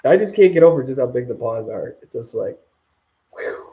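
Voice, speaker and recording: A man's voice: mid-range voice, expressive, normal speed, warm tone, dull audio. A man hosting a live stream Q&A outdoors, rambling casually as he reads out viewer comments. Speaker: channel host.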